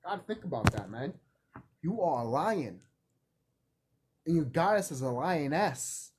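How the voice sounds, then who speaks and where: A man vlogging in a rambling, profane casual monologue, animated and laughing often. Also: on the high side, a little slow, background noise.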